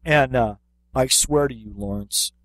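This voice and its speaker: Medium in pitch and measured in pace, a man co-hosting a podcast shares a comic anecdote in relaxed conversation. He's a martial arts instructor, and his animated storytelling is riddled with fillers and restarts; there's no room sound.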